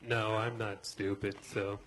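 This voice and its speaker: A man who is a comedian, answering the host's questions with quiet, awkward replies at a live show. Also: on the low side, flat delivery, measured pace. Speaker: stand-up comedian.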